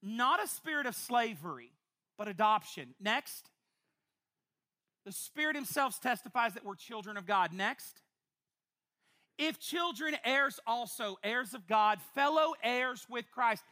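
Preaching before her congregation in church, this woman has a bright, high voice. She gives her sermon in a lively, playful style, with fast asides and bursts of laughter.

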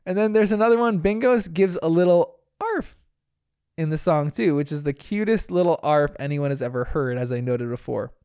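A man's voice: fairly high pitch, moderate pace, warm tone, clean tone, dry recording, studio quality. A young man from New Jersey hosting a casual cartoon review, chatty and laughing often at his own asides. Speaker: podcast host reviewing a cartoon. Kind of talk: casual episode commentary.

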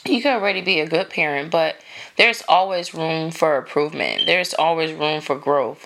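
A woman's voice: low-pitched, gravelly, a bit bright. A woman in her thirties hosting a podcast, talking casually and encouragingly with lots of filler words. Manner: chatty, many "like" fillers, encouraging. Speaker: podcast host. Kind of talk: casual motivational monologue.

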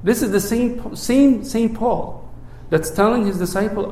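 A man with a fairly high voice gives a relaxed, conversational sermon. He stumbles over repeated words and keeps asking "right?" to check in with his listeners. His voice sinks low and quiet whenever he recites the prayer, and the room around him rings with echo. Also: a little slow, few pauses. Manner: repeats words at the start of phrases; drops low and soft when reciting prayer. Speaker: priest.

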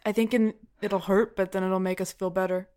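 A woman playing her character in a tabletop game, speaking earnestly and haltingly. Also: mid-range voice, flat delivery, darkish tone. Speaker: player. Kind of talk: in-character tabletop role-play.

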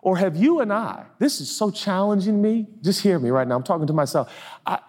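Middle-aged male pastor, lively and self-mocking preaching, slightly high voice, long hall reverb. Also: brisk. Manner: animated, self-mocking, jumps into high silly voices for comic bits. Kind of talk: sermon. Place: church auditorium.

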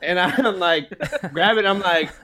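Giggly young guy on a podcast, bright voice, laughs through his own story. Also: high-pitched, a little slow, no echo. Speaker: podcast co-host. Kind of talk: casual podcast chat.

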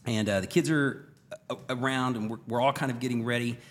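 A middle-aged man co-hosting a podcast, casually telling a story in an animated way, laughing and acting out quoted lines. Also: mid-range voice, brisk. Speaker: podcast co-host.

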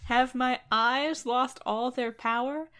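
A woman's voice: sits high, steady tone, slow pace, pushed and bright, clear, resonant tone, pitched above the performer's own voice, exaggerated voice. A woman reading the lines of a haughty, lovesick old fairy woman in a comedic retelling, dramatic and disdainful. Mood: overwrought.

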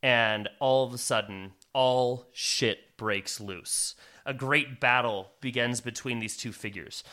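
A man's voice: medium pitch, bright, forceful tone. A man narrating a tabletop fantasy game as game master, dramatic with some fillers. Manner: dramatic, with fillers and slow emphatic phrases.

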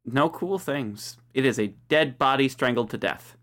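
A man narrating as game master of a tabletop game, in an unhurried, playful way. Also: medium pitch, fairly bright tone.

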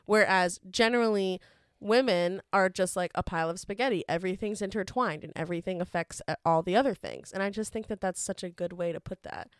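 A woman's voice: mid-range voice, a little fast, clean tone, no room sound, studio quality. A woman co-hosting a casual podcast, chatty and full of filler words. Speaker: podcast co-host. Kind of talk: casual chat.

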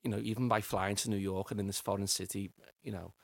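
Middle-aged guest, gravelly husky low voice, rambling storyteller, dry close mic. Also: male voice, steady tone, fast talker, no echo. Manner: rambling, repeats words while finding them. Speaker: podcast guest. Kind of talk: personal storytelling interview.

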